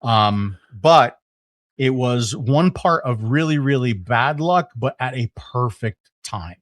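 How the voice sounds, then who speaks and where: A middle-aged man, a podcast guest, telling a story in casual conversation, animated, with lots of fillers and restarts. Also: medium pitch, slow, dry recording.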